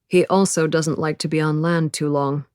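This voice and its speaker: A woman voicing a big, weathered male fishing captain who speaks plainly and calmly. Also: deep voice, normal speed, no echo, clean studio sound, lightly acted.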